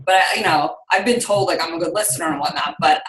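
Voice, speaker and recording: A woman's voice: lowish voice, fast talker, fairly bright tone, roomy sound, a little hiss or hum, rough recording. A woman health coach in a casual chat, hesitant and thoughtful as she talks. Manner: hesitant, many fillers and restarts.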